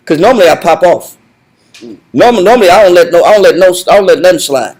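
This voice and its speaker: A man leading a Bible study lesson in a conversational, animated way, repeating himself and laughing often. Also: sits high, fast talker, low-quality recording. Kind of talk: conversational teaching.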